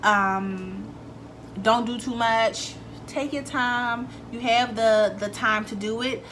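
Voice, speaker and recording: A young beauty vlogger tells a story in a chatty, animated, casual way, swearing freely and acting out what people said. Her voice sits on the high side and she takes her time, with slight background noise in the recording.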